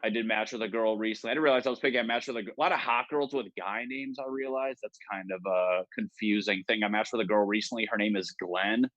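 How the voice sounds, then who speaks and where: A man's voice: lowish voice, quick pace, hardly any pauses, fairly bright tone, dry recording, muffled recording. Man in his thirties, stand-up comic, crude and rambling, self-mocking, very dry close sound, home video call. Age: 30s. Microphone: home setup on a video call.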